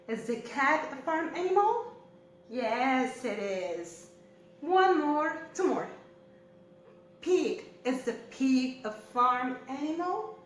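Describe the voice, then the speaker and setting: Woman, Spanish accent, kindergarten English teacher, sing-song, encouraging, fairly high voice. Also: echoey room, a little hiss or hum. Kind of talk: recorded online lesson for young children.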